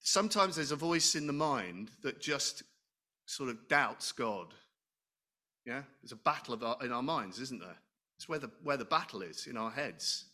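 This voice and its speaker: A man's voice: medium pitch, lively intonation, normal speed, sharp tone. A middle-aged man preaching a sermon in a conversational way, asking the congregation questions and joking about himself. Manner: conversational, asks the congregation questions, self-deprecating humor.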